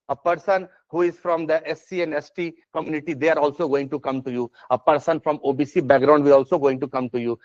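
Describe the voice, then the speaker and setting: A man's voice: fairly high pitch, a little mellow, dry recording. A man with an Indian English accent teaching an exam essay lecture, checking often whether students follow. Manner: repeats "yes or no?" and "is this part clear?" checks; many fillers and restarts, emphatic. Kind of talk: classroom lecture. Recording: dry, slightly dull lo-fi sound.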